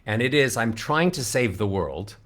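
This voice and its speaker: Guesting on a radio show as a vocal coach, a man leads warm-up scales, singing them up into a very high head voice. He is upbeat and encouraging, and his slightly bright voice is expressive at a normal speed.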